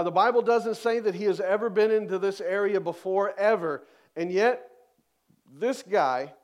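A man preaching a sermon, reading scripture aloud with emphatic, dramatic rises in his voice. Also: high voice. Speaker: pastor.

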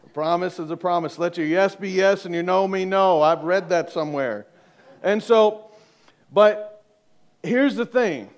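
A middle-aged pastor preaches a sermon to his congregation in a light, high voice, a little slowly. He stays conversational, cracking jokes and repeatedly asking the room questions.

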